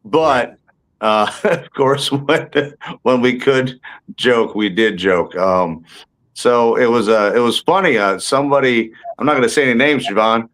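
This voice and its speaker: A man with a mid-range, slightly bright voice speaks at a measured pace as a guest actor and stand-up comedian in a casual interview. He tells jokey stories packed with fillers and restarts. He seems to be indoors, tucked away somewhere warm.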